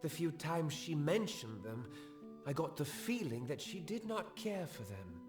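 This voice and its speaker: A man voicing a young half-elf nobleman in a game, with a high, soft voice and a flat, emotionless delivery. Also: measured pace, music in the background. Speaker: game character.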